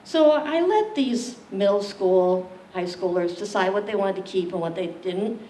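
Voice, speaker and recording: A woman's voice: mid-range voice, unhurried. A woman leading an interactive community library lecture, joking with the audience and quizzing them. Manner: animated, jokey, questions the audience. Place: library meeting room. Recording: echoey room, distant mic, faint hiss.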